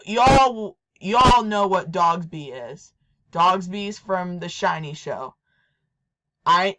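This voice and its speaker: A woman's voice: lowish voice, a bit bright. A woman presenting her toy collection in a casual show-and-tell, repeating herself and restarting her sentences often. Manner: repetitive, hesitant, restarts often.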